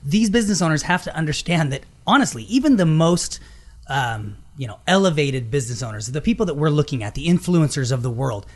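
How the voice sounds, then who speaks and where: A middle-aged man hosts a casual business talk show, and his voice sits a little high. His pitch swings widely as he tells stories. He acts out the quotes inside them. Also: fairly quick. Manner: animated storytelling, acts out quotes. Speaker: podcast host.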